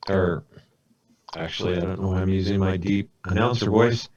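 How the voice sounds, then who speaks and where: A man running a tabletop game as game master, narrating with lots of halting fillers. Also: low voice, steady tone, darkish tone, highs cut off.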